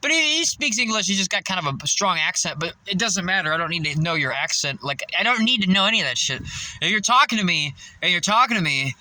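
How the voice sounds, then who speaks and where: Man, high voice, animated pitch, casual profane rant, laughs a lot. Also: quick pace, low-quality recording. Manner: profane, laughs often, acts out coworkers' voices. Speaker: fast-food worker venting.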